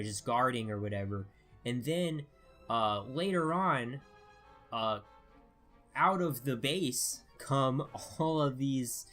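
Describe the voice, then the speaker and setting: A man's voice: medium pitch, fairly bright tone. A man giving a casual spoken review, rambling with many fillers and restarts. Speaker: video reviewer.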